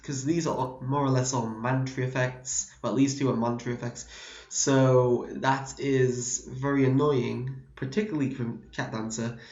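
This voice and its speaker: A man's voice: mid-range voice, darkish tone, echoey room, muffled recording. A man from the UK casually explaining a card game deck, rambling and correcting himself, slightly losing his voice. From United Kingdom.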